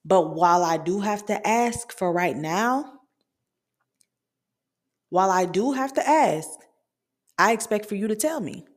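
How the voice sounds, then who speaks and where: A woman's voice: medium pitch, expressive, measured pace, long pauses. A young woman in her twenties hosting a podcast, venting candidly in casual conversational talk with lots of fillers. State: hiccups. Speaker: podcast host. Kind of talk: casual chat.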